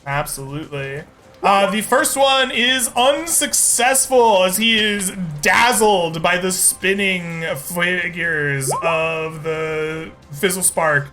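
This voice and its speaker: A slow, deliberate male game master with a bright, high-set voice, laughing easily as he narrates the fight. Soft background music plays under his voice. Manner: unhurried, laughs often.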